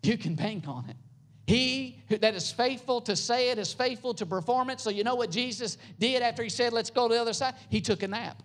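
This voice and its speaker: A pastor preaching a sermon, building up into loud, high passages and then dropping to soft, low, quiet lines. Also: fairly quick.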